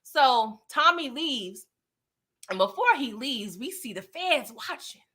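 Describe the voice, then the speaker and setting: A woman's voice: high-pitched, sing-song, slow, bright, forceful tone, husky. Chatty woman recapping a TV episode. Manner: chatty and slangy, addresses viewers directly. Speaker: TV show recap vlogger.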